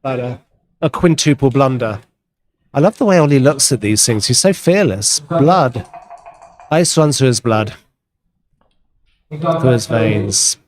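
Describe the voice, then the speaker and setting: A man commentating live on a backgammon match in a chatty, wry way, with playful asides. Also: mid-range voice.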